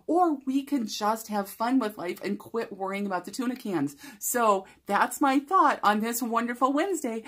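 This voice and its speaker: Speaker, woman, bubbly storyteller, breathy tone, acts out quotes. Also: on the high side. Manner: animated, laughing often, acting out quotes. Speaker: motivational speaker. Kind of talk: casual storytelling to camera.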